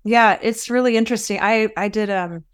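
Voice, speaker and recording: A woman's voice: mid-range voice, brisk, clear, resonant tone. A woman interviewer talking casually and encouraging her guest with short affirmations. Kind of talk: casual conversation.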